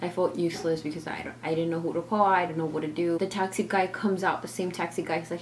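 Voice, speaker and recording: A woman's voice: lowish voice, flat delivery, quick pace, hardly any pauses, slight background noise. A young woman vlogger telling a family story in casual, rambling talk full of fillers.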